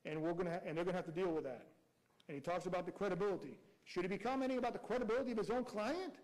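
A man's voice: high voice, very fast, darkish tone, low-quality recording. A man arguing as prosecutor before a judge, reading out quotes and pressing rhetorical questions. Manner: reads quotes aloud. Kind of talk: courtroom argument.

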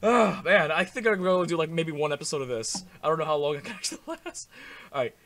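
A young man hosting a comedic game commentary, manic and goofy, swinging between loud outbursts and low breathy mutters. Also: lively intonation, quick pace. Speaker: gaming channel host.

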